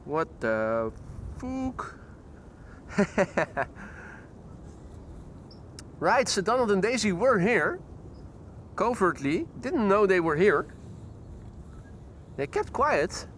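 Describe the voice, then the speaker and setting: High-voiced man commentating outdoors. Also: big pitch swings, extremely slow, pauses often. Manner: chatty and playful, greeting viewers. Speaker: live-stream host. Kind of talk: live plane-spotting commentary. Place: outdoors beside water near an airport. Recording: loud outdoor traffic noise.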